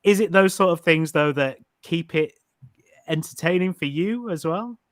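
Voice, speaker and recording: A man's voice: fairly high pitch, moderate pace, dry recording, clean studio sound. A man hosting a casual chat, laughing often and asking loose, rambling questions.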